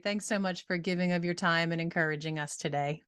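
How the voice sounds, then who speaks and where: A woman's voice: fairly low pitch, fairly even intonation, fairly quick, fairly bright tone, clear, resonant tone. A woman with a Northern American accent hosting a podcast, encouraging and affirming in casual chat. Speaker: podcast host.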